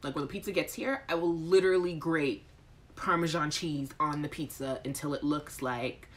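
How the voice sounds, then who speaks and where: A woman's voice: deep voice, normal speed. A woman hosting a live chat show, talking casually and joking with viewers, reading their comments and answering with playful, exaggerated outrage. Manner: addresses chat viewers by name. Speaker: host.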